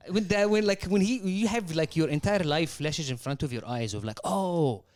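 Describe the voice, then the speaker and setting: A man's voice: on the high side, normal speed, a little mellow. A young man on a podcast, telling a rambling story in casual chat and acting out quotes from his mother. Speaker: podcast guest.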